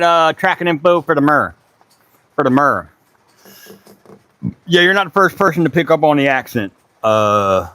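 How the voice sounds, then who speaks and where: A man from Charleston with a Gullah Geechee accent and a voice sitting a little high for a man. He chats easily with his livestream viewers, dropping casual curses as he works away in his woodshop. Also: a bit bright. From Charleston, South Carolina. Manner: laid-back, chatty, talks to viewers while working, swears casually. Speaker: woodworking livestream host. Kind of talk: casual livestream chat while working.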